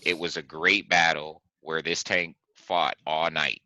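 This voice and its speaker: A man's voice: rumbling low, a little slow, no room sound, rough recording. A man hosting a podcast, chatting casually and telling stories with animation and frequent laughter. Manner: animated storytelling, laughs often. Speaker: podcast host. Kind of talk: casual chat.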